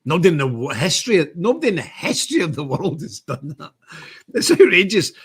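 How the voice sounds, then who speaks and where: A man's voice: fairly high pitch, very animated, a little fast, a bit bright, slightly rough. An older man hosting a casual political commentary stream, rambling and emphatic, reading viewer comments aloud. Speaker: show host.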